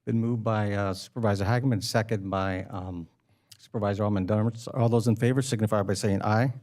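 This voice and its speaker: A man's voice: on the low side, fairly even intonation, a little fast, darkish tone. A man chairing a county board meeting, polite and procedural as he moves through the agenda.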